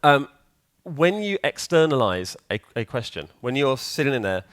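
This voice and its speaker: A man's voice: medium pitch, big pitch swings, normal speed, a bit bright, no echo. Joking man giving a conference talk. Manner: chatty, joking, quizzes the audience. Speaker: conference speaker. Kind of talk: live conference talk to an audience. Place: conference hall with audience.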